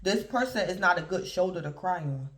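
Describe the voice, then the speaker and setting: Fairly quick and expressive, a woman's low-leaning, slightly bright voice carries a casual tarot reading for viewers. She rambles in a repetitive, conversational way and keeps turning to address the collective.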